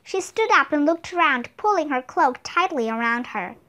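Bright, high-voiced woman reading a storybook. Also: animated, normal speed. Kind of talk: children's book read-aloud.

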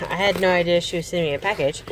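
A woman chatting casually and gushing excitedly while unboxing a gift, recorded on a handheld camera inside a car. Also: lowish voice, fast, background noise. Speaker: reborn doll vlogger. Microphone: handheld camera, no tripod.

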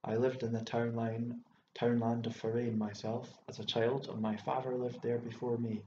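A stubborn young man, read by a male narrator, argues back with taunts and defensive retorts. His voice stays flat and mellow. The recording is roomy and dull, with faint background hiss. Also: medium pitch, moderate pace, lightly acted. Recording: echoey room, dull lo-fi sound, faint hiss.

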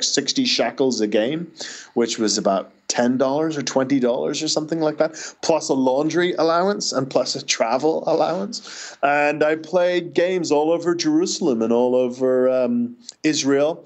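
A Northern Irish man tells stories in a relaxed interview, chatty and anecdotal, with quick restarts as he goes. His voice sits at an ordinary middle pitch. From Northern Ireland. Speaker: author. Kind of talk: casual interview answers.

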